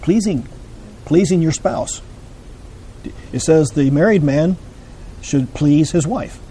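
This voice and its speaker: A man teaching a Bible class, explaining scripture in a measured way and putting questions to his listeners. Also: a little high, warm tone, a little hiss or hum, low-quality recording.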